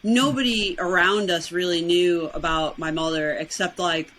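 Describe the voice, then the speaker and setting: A woman from Brooklyn with a New York accent, a podcast guest talking fast and chatty, laughing often. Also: on the low side, fairly even intonation, fairly bright tone, slight background noise, low-quality recording. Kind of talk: casual interview chat.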